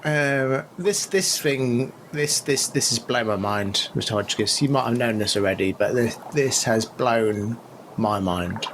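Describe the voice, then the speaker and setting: A man co-hosting a podcast in casual chat, with a lively, swooping way of talking. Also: mid-range voice, measured pace, slight background noise. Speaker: podcast co-host.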